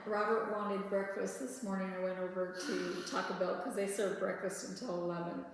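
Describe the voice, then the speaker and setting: A woman co-hosting a casual crafting chat show, telling relaxed stories and laughing often. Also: medium pitch, normal speed. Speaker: podcast co-host. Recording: echoey room with long reverb.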